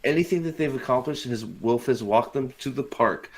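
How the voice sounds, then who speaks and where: A man's voice: medium pitch, animated, moderate pace. A man hosting a casual watch-party chat, ranting and mocking the show with lots of swearing. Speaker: host.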